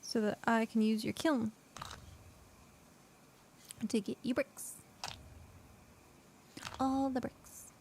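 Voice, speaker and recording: A woman's voice: fairly high pitch, steady tone, takes it slowly, vocal fry, long pauses, darkish tone, a little hiss or hum. A woman streaming a game, chatting casually and thinking aloud with lots of fillers. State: hiccuping. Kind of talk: casual gameplay chat.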